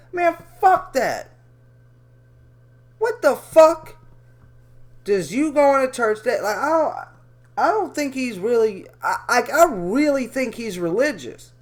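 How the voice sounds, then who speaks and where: A man rants through chat logs in a profane, rambling commentary. His pitch swings widely and animatedly. He often stops to correct himself. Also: darkish tone.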